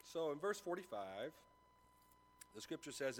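A man's voice: medium pitch, fairly quick, a bit bright, a little hiss or hum. A man giving a sermon as a pastor, telling a story with acted-out dialogue before turning to scripture. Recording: long reverb of a large room.

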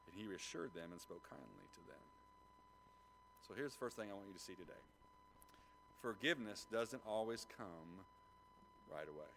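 A man's voice: on the low side, a little hiss or hum. A man preaching a sermon as pastor, talking conversationally and prodding the congregation with questions.

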